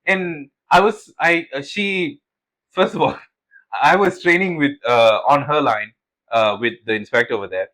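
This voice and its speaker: A man's voice: on the high side, measured pace, low-quality recording. A young man co-hosting a podcast, telling stories in casual chat, acting out quotes and swearing as he goes. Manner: animated storytelling, swears, acts out quotes. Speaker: podcast co-host.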